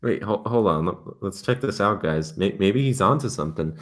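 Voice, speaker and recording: A man's voice: lively intonation, moderate pace. Sarcastic young man reacting to headlines. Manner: sarcastic, incredulous, reacts with sudden pitch jumps. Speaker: crypto commentary host. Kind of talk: casual commentary reading headlines aloud.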